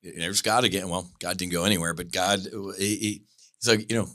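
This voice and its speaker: A man's voice: sits low, steady tone, brisk, bright, forceful tone. A man hosting a podcast, talking earnestly and casually, often saying "man". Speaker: podcast host. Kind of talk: casual conversation.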